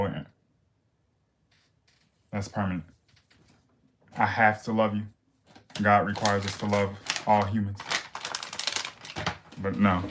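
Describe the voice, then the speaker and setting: Streamer type: deep man, monotone delivery, sassy and blunt, chatting to viewers over a faint hiss. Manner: blunt, sassy, reads viewer questions aloud. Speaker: livestream makeup host. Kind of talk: casual livestream chat.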